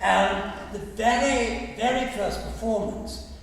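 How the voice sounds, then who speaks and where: A man's voice: high-pitched, slow, gravelly. A man from England giving an anecdotal talk, chuckling through his stories and slipping into quoted and sung snatches. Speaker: guest speaker. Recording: echoey hall, mic far off, faint hum.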